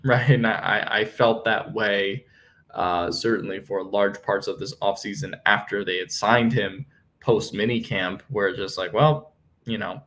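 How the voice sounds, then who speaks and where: A young man with a lowish voice hosts a solo sports podcast. He talks through team news in a loose, conversational way, full of fillers and self-corrections. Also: a bit bright. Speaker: podcast host.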